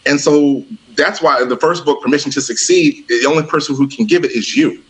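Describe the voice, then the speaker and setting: A man's voice: on the high side, a little fast, poor audio. A middle-aged man, an author and speaker, telling stories as a podcast guest, acting out quoted dialogue and laughing often. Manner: animated storyteller who acts out quoted dialogue, laughs often. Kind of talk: conversational storytelling interview.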